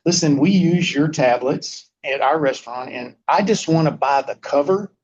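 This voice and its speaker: A man's voice: on the high side, normal speed, a little mellow, slightly rough, lo-fi sound. A man telling folksy anecdotes about running a restaurant to a small audience, acting out quoted dialogue. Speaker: guest speaker telling restaurant history. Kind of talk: casual storytelling to a small group.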